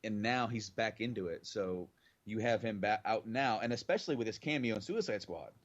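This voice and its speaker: Low guy rambling thru a podcast chat, kinda muffled lo-fi sound. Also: animated, brisk. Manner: rambling, circles back on his points. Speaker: podcast co-host. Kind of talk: casual chat.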